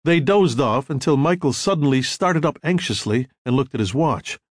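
Expressive male audiobook narrator. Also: mid-range voice, moderate pace, slightly rough, no room sound, studio quality. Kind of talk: scripted narration.

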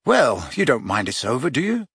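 A man's voice: medium pitch, wildly swooping pitch, normal speed, a bit bright, husky, no echo, clean studio sound, exaggerated voice. A man voicing a guarded, earnest teenage schoolboy.

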